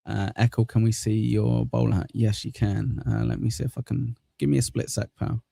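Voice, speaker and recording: Gravelly southern English man, laid-back. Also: mid-range voice, flat delivery, moderate pace, dark tone, no room sound, studio quality. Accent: southern English, near Cockney. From southern England. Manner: rambling, laid-back, swears casually. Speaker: livestream host. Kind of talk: casual chat reading viewer comments.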